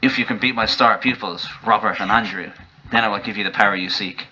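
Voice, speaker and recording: A man voicing a frail old male martial arts master who is gruff and scornful, with a slow, drawn-out delivery. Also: on the low side, sharp tone, slight background noise, rough recording.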